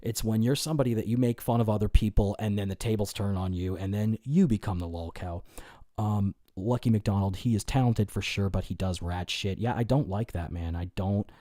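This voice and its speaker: Low, dark-voiced man rambling on a stream. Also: fairly quick, no echo, studio quality. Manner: rambling, profane, many fillers and restarts. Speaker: livestream host. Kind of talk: casual livestream chat reading comments.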